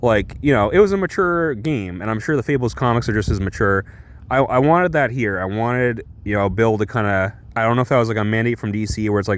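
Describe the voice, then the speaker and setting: A man's voice: fairly low pitch, expressive, brisk. A man giving a casual, rambling and enthusiastic comic book review.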